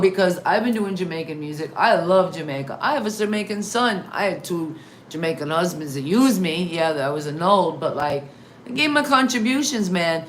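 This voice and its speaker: A middle-aged American woman hosting a live interview show, chatting in a rambling, animated way. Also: lowish voice, normal speed. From United States. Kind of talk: casual live interview chat. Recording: echoey room, faint noise.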